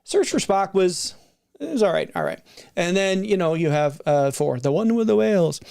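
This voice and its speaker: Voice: mid-range voice, animated, normal speed, creaky, a little mellow. A middle-aged video creator chatting casually and unscripted, rambling with frequent restarts and asides. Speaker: video creator reviewing film releases.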